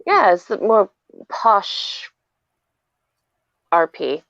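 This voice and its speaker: Woman guest on a livestream, slow easy talk, bouncy voice, kinda muffled sound. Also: on the low side, sing-song, no room sound. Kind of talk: casual chat.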